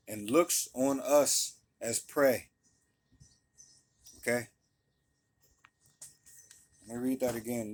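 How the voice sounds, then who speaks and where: Casual man teaching from scripture. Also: medium pitch. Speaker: Bible teacher. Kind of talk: casual Bible study teaching.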